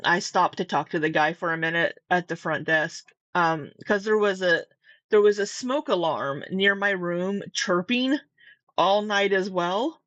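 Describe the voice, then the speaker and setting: A woman's voice: lowish voice, a little slow, fairly bright tone, dry recording. A woman telling a story in a casual vlog, chatty and full of "like" with frequent laughs. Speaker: vlogger. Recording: dull lo-fi dry sound.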